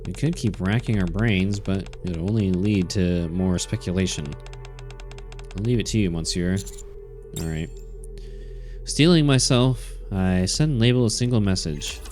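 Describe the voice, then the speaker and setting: Guy streamer reading a story game out loud, kinda low voice, swears at it, faint music behind. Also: a little slow. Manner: blunt, swearing asides. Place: home streaming setup.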